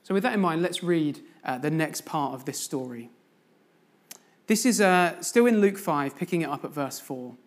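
A man's voice: on the high side, animated, normal speed. A man giving a sermon as a guest preacher in a church, telling a story and putting questions to the congregation.

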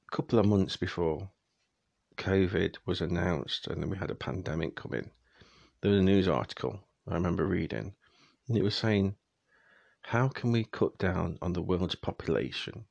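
A young man vents to his audience in an exasperated, ranting tone. His voice sits low with a gravelly fry, and it is recorded close and dry with no room sound. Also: a little mellow, no room sound, highs cut off. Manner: exasperated, ranting, speeds up when annoyed. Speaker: vlogger. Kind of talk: casual ranting monologue.

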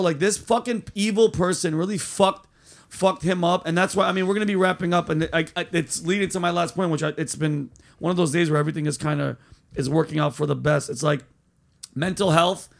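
A man's voice: high voice, brisk, vocal fry. A man hosting a podcast, talking casually in loose, profane street slang. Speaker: podcast host. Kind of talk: casual chat.

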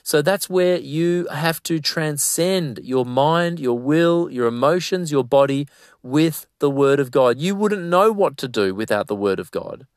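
A man's voice: on the high side, expressive, unhurried, dry recording, studio quality. A man preaching a sermon, fervent and exhorting, with sudden emphatic bursts.

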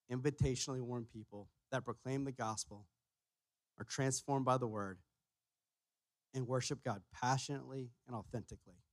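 A man preaching a sermon as pastor, emphatic, repeating his key phrases and pushing louder on each point. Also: medium pitch, no room sound. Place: church sanctuary.

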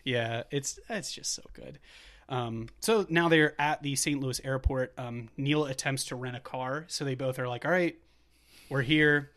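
A man's voice: mid-range voice, moderate pace, a bit bright. Laughing man recapping a movie. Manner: laughs often, retells scenes, reads quotes aloud. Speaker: podcast co-host. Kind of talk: casual movie-recap chat.

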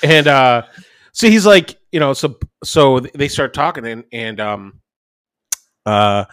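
A man's voice: medium pitch, takes it slowly, fairly bright tone, clear, resonant tone, dry recording, studio quality. A man in his thirties co-hosting a podcast, telling a family story in casual chat and acting out his kids' voices. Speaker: podcast co-host.

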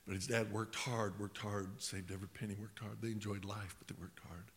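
A man's voice: lowish voice, fairly even intonation, brisk. A man preaching a sermon, telling a story with dramatic repetition, swelling and dropping to whispers. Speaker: bishop preaching. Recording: echoey hall, faint hiss.

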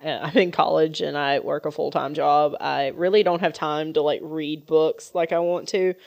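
A woman's voice: low-pitched, fairly even intonation, normal speed, vocal fry, a little mellow, muffled recording. A woman in her twenties with a Southern US accent, co-hosting a podcast in a giggly, rambling chat. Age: 20s. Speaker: podcast co-host. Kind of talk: casual chat.

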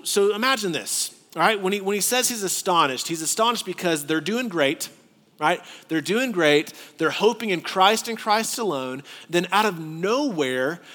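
Man, pastor, sermon, conversational and animated, bright tense voice, long church-hall reverb. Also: high-pitched. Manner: animated, conversational preaching with rhetorical asides.

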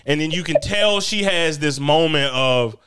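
A man casually telling a funny story on a podcast, animated and often laughing as he acts out what others said. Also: on the high side, unhurried, smooth, no echo, studio quality. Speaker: podcast host.

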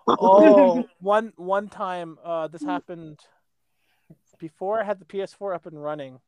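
A man's voice: sits high, a little slow, a little mellow, smooth, no echo. A man co-hosting a podcast in casual chat, telling a rambling story, swearing and laughing often. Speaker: podcast co-host.

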